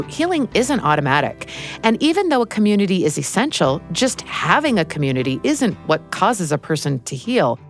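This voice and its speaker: A woman radio host narrating between interview clips in a measured, explanatory way. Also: sits low.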